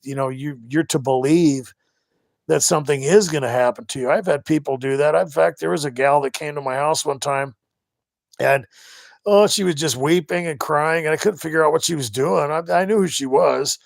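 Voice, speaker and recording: A middle-aged man talks on his live stream in a loose, rambling way, stopping and restarting his sentences often. His voice sits a little high for a man and has a gravelly fry, and the sound is dry and close. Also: dry recording. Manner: rambling, halting with many restarts. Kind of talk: casual livestream monologue.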